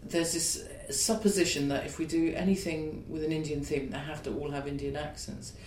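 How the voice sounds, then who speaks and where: A man talks through his choices as a playwright in an interview, reflective and discursive. His voice sits a little high for a man and carries a roomy echo, with a faint low rumble underneath. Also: fairly even intonation, normal speed, a little mellow. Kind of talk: conversational interview. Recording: echoey room with faint rumble.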